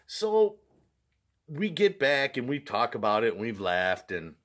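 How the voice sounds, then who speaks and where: A man's voice: medium pitch, very animated, unhurried, fairly bright tone. A man vlogging, telling a personal story in a casual way, often laughing and using fillers like "like" and "you know".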